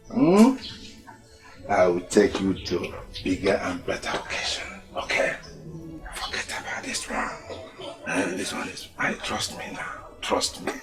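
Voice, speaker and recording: An actor with a Nigerian accent playing a boastful, coaxing husband of two wives, shouting for one and wheedling the other. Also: male voice, low-pitched. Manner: animated, calls out loudly, then wheedles softly.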